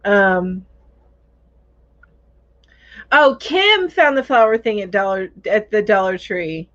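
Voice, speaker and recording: A woman with a mid-range, fairly bright voice speaks slowly but animatedly as she hosts a crochet live chat. Reading viewer comments aloud, she keeps it casual and chatty, musing aloud and laughing easily. The sound is dull lo-fi livestream audio.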